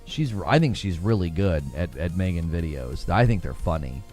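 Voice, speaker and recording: A man's voice: deep voice, lively intonation, moderate pace, a little mellow, faint music behind. A man hosting a casual gaming livestream, joking around, laughing often and answering his chat. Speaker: livestream host.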